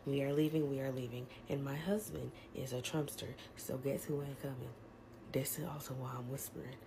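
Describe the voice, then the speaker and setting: A woman ranting to camera in a whisper, upset after crying, her voice breaking into loud agitated bursts. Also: rumbling low, steady tone, normal speed, vocal fry, noisy background. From United States.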